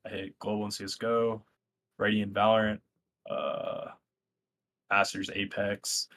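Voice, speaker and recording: A man guest speaking casually, calmly introducing himself. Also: on the low side, a little slow. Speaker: guest, cheat analyst. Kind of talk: casual interview chat.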